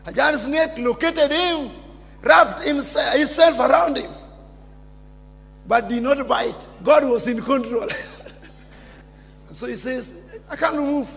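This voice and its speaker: High-voiced pastor preaching with fervor. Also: male voice, slow pace, gravelly, pauses often. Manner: emphatic preaching, repeats phrases, bursts into shouts. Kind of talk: sermon. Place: church. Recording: long church reverb with music behind.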